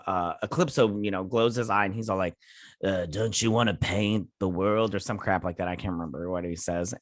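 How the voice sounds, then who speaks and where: A man's voice: lowish voice, dry recording, studio quality. A man hosting a casual TV episode recap, rambling and paraphrasing scenes as he goes. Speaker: host.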